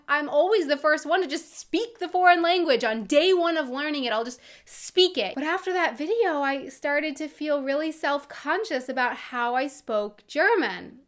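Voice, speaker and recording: A high-pitched American woman chatting casually to her camera. She speaks candidly and with self-deprecation, sometimes restarting her sentences. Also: a bit bright. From United States. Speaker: vlogger.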